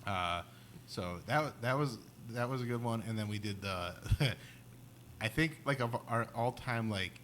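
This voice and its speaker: Rambling man, bright voice. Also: mid-range voice, slight background noise. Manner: rambling, halting storyteller with many restarts. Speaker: podcast co-host. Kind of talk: casual chat.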